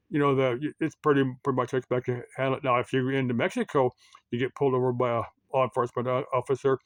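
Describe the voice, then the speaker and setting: An American man in the middle of his range talks loosely to his viewers, drifting between points with plenty of "uh" and "you know." His voice sits in a dry, close space with no room echo. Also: medium pitch. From United States. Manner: meandering, full of fillers and restarts. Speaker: YouTube commentator. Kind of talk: casual rambling commentary.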